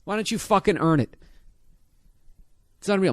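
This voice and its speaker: High-voiced man on a profane rant. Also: a little fast, pauses often, dry recording, clean studio sound. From United States. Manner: profane, sarcastic ranting. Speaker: podcast host. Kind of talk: solo podcast rant.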